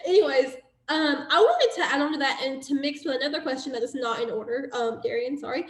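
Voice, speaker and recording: A bright, high-voiced woman leads her team's video call with excited, laughing energy. She talks fast and loose, urging everyone to be loud. Her voice bounces around an echoey room. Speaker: team leader hosting a call. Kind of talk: casual team video call.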